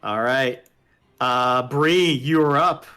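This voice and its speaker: A man's voice: mid-range voice, takes it slowly, pushed and bright, smooth. A man running a tabletop game as game master, playful and encouraging, laughing often as he narrates.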